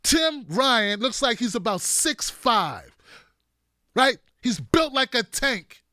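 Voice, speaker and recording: Male political show host, high bright voice, sarcastic and animated, dry sound. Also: no room sound. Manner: animated, mocking, does impressions of politicians. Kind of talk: opinionated political commentary.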